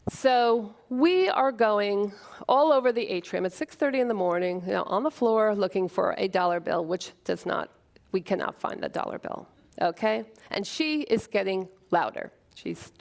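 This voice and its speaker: A woman telling a personal story on stage, earnest and emotional, with dramatic pauses. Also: medium pitch, creaky. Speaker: speaker at a short talk event.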